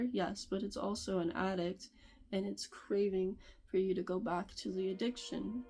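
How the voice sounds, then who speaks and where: A woman's voice: mid-range voice, fairly even intonation, moderate pace, mellow, breathy edge, soft background music. A woman making a casual advice vlog, talking straight to the viewer in loose, chatty phrasing and laughing often. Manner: loose, conversational phrasing with fillers and restarts. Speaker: video creator.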